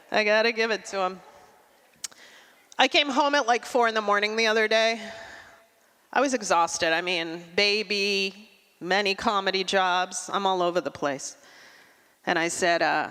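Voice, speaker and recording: A middle-aged woman doing a stand-up comedy set, with a dry, deadpan delivery and quick asides. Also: mid-range voice, clean tone. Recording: long hall reverb.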